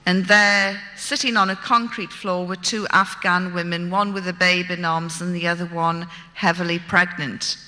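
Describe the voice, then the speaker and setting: A woman's voice: fairly low pitch, steady tone, moderate pace, few pauses, sharp tone. A woman, telling a dramatic true story from her own life in a vivid, wry, self-mocking way. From Britain. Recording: long hall reverb.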